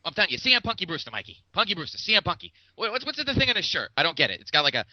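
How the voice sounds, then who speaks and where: A man playing a clueless, excitable sports fan in a comedy bit, rambling and repeating his co-host's name. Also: high voice, rapid-fire, dry recording, dull audio. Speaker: podcast co-host in comedy bit. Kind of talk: comedic sports-talk parody.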